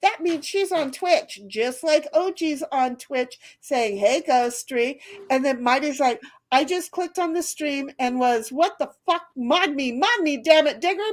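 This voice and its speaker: A woman hosting a casual livestream, reading out chat comments with loose swearing and frequent laughter. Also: high-pitched.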